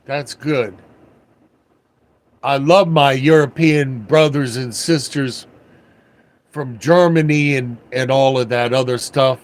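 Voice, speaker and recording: A man's voice: mid-range voice, fairly even intonation, unhurried. An older man hosting a casual livestream, telling rambling, folksy stories with a wry touch. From Washington area, USA. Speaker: livestream host.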